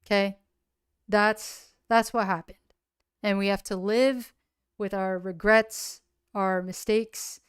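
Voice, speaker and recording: A woman voicing a cold-headed woman crime boss in a solo tabletop game, speaking flat and matter-of-fact. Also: medium pitch, takes it slowly, pauses often, smooth, no echo, clean studio sound, close to an everyday voice. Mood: dismissive.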